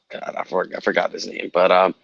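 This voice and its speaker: A man's voice: low voice, monotone, moderate pace, creaky, fairly bright tone, no room sound. Chatty man on a lo-fi call-in line. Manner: chatty, repeats himself, many fillers. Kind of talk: casual call-in chat. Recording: dull lo-fi sound.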